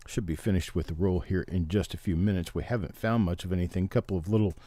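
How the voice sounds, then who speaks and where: A man's voice: deep voice, fairly even intonation, fast talker, warm tone, no echo. A middle-aged man hosting a casual livestream, chatting and explaining things to his viewers. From Missouri, Oklahoma and Memphis, Tennessee. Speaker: livestream host.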